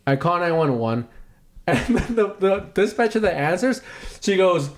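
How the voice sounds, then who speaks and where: Podcast co-host, male, fairly high voice, animated storyteller who swears freely. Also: normal speed. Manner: animated, acts out quotes with big pitch jumps, swears a lot. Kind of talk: casual storytelling chat.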